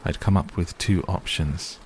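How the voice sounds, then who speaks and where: A male narrator reads a bedtime story slowly and soothingly. His voice is very deep and gravelly, and a faint patter of rain sits behind him. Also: a little mellow, a little hiss or hum.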